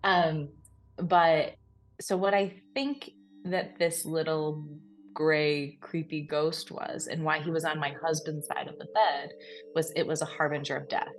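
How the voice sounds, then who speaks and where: A woman co-hosting a podcast, retelling a frightening personal experience in a lively, breathless way, full of fillers and laughs. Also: low voice, a little slow. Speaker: podcast co-host. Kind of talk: casual storytelling.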